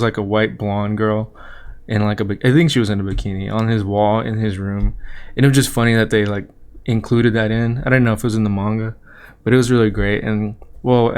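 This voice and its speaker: A man with a fairly low, smooth and resonant voice talks through an anime episode in a relaxed, rambling way. He sounds like a podcast host chatting casually and chuckling now and then as he recaps. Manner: loose, rambling retelling with light chuckles.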